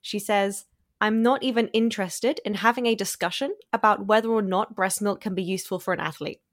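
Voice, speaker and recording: A woman's voice: mid-range voice, steady tone, brisk. A woman co-hosting a podcast, talking in a blunt, indignant way and swearing now and then. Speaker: podcast co-host. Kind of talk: casual review chat.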